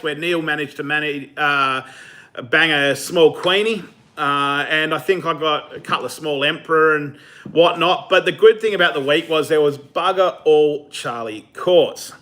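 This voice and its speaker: A man whose voice is a little high and sharp-toned hosts a fishing live stream. He answers viewer comments in a casual, talkative way, laughing easily and dropping in plenty of fillers.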